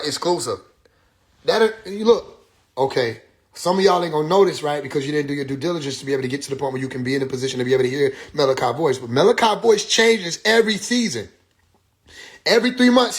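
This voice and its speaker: A man hosting a phone livestream speaks in AAVE, his slightly high voice carrying a loose, rambly monologue full of cussing and quoted remarks from others.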